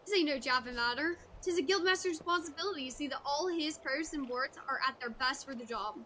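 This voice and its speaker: A woman reading a gruff male pirate guildmaster's game dialogue aloud, with salty seafaring speech. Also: high-pitched, fast talker, bright, forceful tone, slight background noise. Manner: salty seafaring speech, calls others lass.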